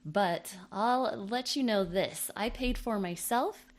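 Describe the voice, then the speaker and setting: A woman's voice: medium pitch, slow. A woman hosting a comedic podcast, reading listener mail in a playful, jokey, self-mocking way. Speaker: podcast host.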